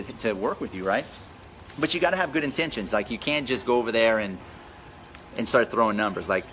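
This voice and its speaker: A man's voice: medium pitch, pushed and bright, a little hiss or hum. A man coaching real estate wholesalers on a live stream, talking energetically and greeting viewers by name as he goes. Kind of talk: casual live-stream pep talk.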